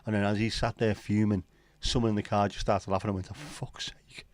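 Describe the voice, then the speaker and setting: On his casual livestream, the host goes through viewer comments quickly, joking, rambling, and swearing without much thought. His lowish voice is flat in delivery, and there's no echo.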